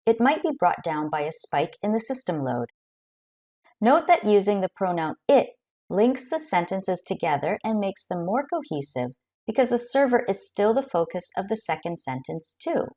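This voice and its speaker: A woman teaching an English grammar lesson, explaining clearly and carefully with example sentences. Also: medium pitch, darkish tone.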